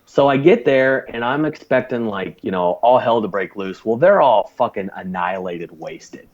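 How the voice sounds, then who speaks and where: A man's voice: on the low side, normal speed, muffled recording. A man who is a former navy corpsman, telling a long war story as a podcast guest, swearing freely and laughing as he goes. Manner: profane, animated, laughs while telling. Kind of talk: casual storytelling.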